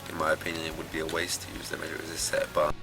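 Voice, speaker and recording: A man giving methodical, analytical live commentary on a game match, pausing with fillers as he breaks down the builds. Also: a bass voice, monotone, creaky. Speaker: esports commentator. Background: background music.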